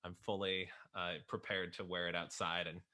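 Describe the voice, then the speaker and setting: Speaking low and flat at a normal speed, this guest's voice still comes out pushed and bright. He's a writer and podcaster from Chicago chatting about the jerseys he collects. Enthusiastic and self-mocking, he laughs a lot as he shows them off.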